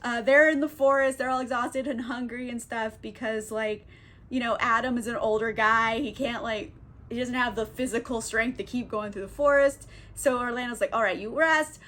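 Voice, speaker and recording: A woman's voice: a little high, steady tone, normal speed, a bit bright. A young woman recapping a play in a casual, comedic way, rambling in slang and giggling often. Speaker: book youtuber.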